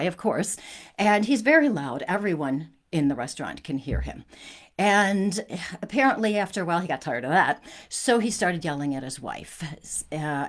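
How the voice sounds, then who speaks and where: A woman with a low-sitting voice hosts a spiritual talk, sharing a personal story. She's earnest and conversational, often restarting her sentences.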